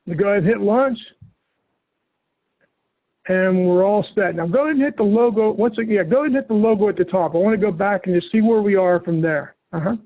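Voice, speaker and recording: A man training a user on software over a call, giving relaxed, patient, step-by-step instructions. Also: high voice, fast, dry recording. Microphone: call audio. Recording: tinny phone-like line, dry.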